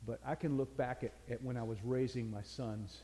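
A man's voice: mid-range voice, fairly even intonation, normal speed, mellow, a little hiss or hum. Folksy older male preacher in a hall. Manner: folksy storytelling, earnest. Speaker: pastor. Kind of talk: sermon.

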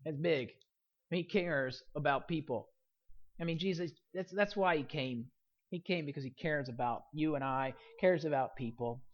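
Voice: medium pitch, moderate pace. Earnest preacher, dull lo-fi sound. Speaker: pastor. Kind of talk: sermon.

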